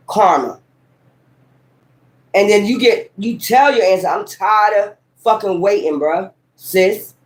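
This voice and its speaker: On a rough recording, a woman with a mid-range, slightly mellow voice does a casual tarot reading to camera. She speaks bluntly and heatedly, cussing frequently, rambling with emphasis, and exclaiming out of nowhere.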